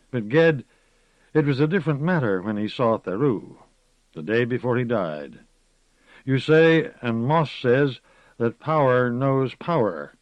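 A man voicing a weary, earnest woman who speaks softly and pleadingly. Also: mid-range voice, no echo, close to an everyday voice. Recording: slightly muffled recording.

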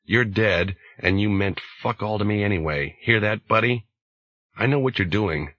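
A man's voice: on the low side, moderate pace, fairly bright tone. A man reading an audiobook and voicing a desperate, bitter young man who swears and pleads. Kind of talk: audiobook character voice.

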